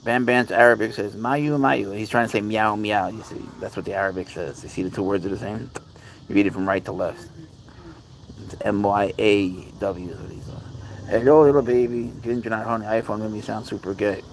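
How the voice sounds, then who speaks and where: A man's voice: fairly low pitch, fairly even intonation, a little fast, a little hiss or hum, rough recording. A man casually livestreaming outdoors at night with his cats, chatting easily and reading viewer comments aloud. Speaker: cat owner livestreaming. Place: outdoors at night among bugs. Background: crickets chirping.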